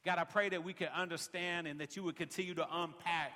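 A man's voice: on the high side, fairly even intonation, fast talker, sharp tone, long reverb tail. A man preaching a sermon as pastor, peppering his lines with "man" and building rhythmic refrains. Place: large worship center.

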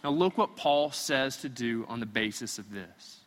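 A man's voice: medium pitch, expressive, moderate pace, a bit bright, in a large hall. A man preaching a sermon in a conversational way, sometimes acting out imagined voices. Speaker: pastor.

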